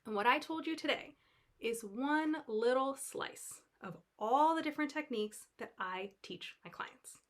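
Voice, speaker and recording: A woman's voice: high voice, fairly bright tone. A young adult woman life coach talking casually to camera in a chatty, reassuring way, acting out her own inner voice.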